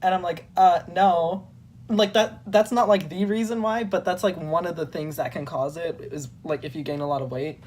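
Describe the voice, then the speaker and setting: Husky young woman telling a dramatic story. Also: fairly low pitch, a little fast, few pauses. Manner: animated, dramatic storytelling with many fillers. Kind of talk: casual chat.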